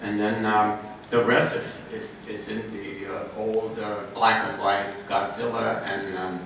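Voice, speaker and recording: A man's voice: lowish voice, little pitch movement, a little slow, gravelly, fairly bright tone. Older man rambling in an echoey hall. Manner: rambling, chuckling, with many restarts. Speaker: convention panel guest. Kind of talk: panel Q&A storytelling. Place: large convention hall. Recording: echoey convention hall, noisy, from far off.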